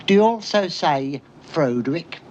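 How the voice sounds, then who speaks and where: A bug-eyed comic servant who teases with a dry, deadpan wit. His pitch bounces widely as he needles the other man, and a faint hiss sits under the old film audio. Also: measured pace. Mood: teasing. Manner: dry, teasing comic delivery. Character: cheeky bug-eyed male servant, playful and teasing. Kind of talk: classic film comedy.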